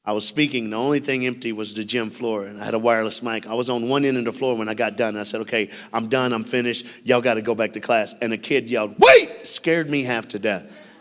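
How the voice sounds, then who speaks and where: A man giving an animated, folksy school assembly speech as a motivational speaker, telling stories and checking in with the crowd. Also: mid-range voice, fast talker. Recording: long hall reverb with faint music.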